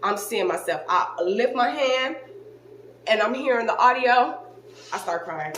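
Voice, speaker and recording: A woman vlogger talking casually to her viewers, telling a story in an animated, expressive way with frequent exclamations. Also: medium pitch, moderate pace, background noise. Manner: talks straight to viewers, informal. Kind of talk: casual chat to camera. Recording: roomy echo.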